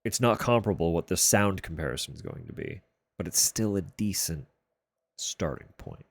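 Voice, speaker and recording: A man streamer chatting casually from a room at home, keeping his voice level and low and swearing offhandedly. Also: animated, normal speed, no echo. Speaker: livestreamer. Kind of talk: casual chat on a live stream. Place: room at home sharing a wall with a neighbor's bedroom.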